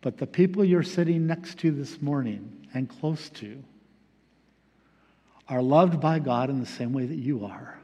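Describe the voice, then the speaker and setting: A man preaching a reflective sermon as pastor, pausing often with fillers. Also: mid-range voice, dark tone, slightly rough, highs cut off. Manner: reflective, halting with many fillers. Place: church sanctuary. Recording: long reverb of a large hall.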